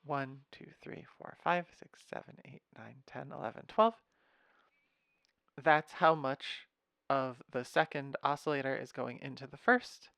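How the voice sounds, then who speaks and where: A young man casually walking through his music software patch, thinking aloud with fillers and wry asides, recorded at his computer. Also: medium pitch, a little slow, creaky, clear, resonant tone, no echo. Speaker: music software tutorial host. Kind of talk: casual screen-share walkthrough.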